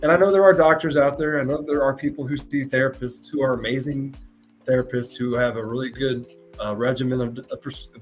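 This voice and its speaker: A man's voice: mid-range voice, fairly even intonation, brisk, soft background music. A man hosting a live podcast, talking in an earnest, emotional way and often stopping to repeat and restart his words. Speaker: podcast host.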